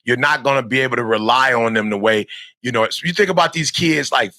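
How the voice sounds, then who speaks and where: A man's voice: medium pitch, quick pace, sharp tone, no room sound, clean studio sound. A middle-aged man giving an emphatic, repetitive motivational talk to young students, like a preacher. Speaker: motivational speaker.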